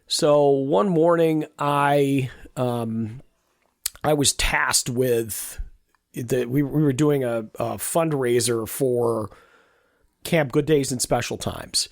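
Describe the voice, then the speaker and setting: A man in his fifties hosts a podcast and tells a personal story. He rambles, restarts sentences and repeats words as he goes. His voice sits at a middle pitch and sounds dry and close, with no room echo. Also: takes it slowly, gravelly. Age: 50s. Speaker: podcast host.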